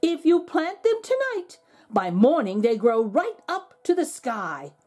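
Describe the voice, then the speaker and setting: A woman's voice: high-pitched, huge pitch swings, a little slow, warm tone, exaggerated voice. A woman doing a sly coaxing old man. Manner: coaxing, persuasive. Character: sly funny-looking old man with beans.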